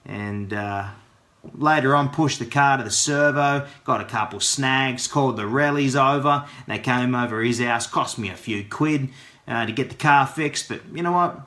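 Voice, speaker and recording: Bright-voiced Australian man telling a yarn. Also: medium pitch, moderate pace. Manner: chatty, slang-heavy yarn-spinning. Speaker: vlogger. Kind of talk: casual vlog storytelling. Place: home studio.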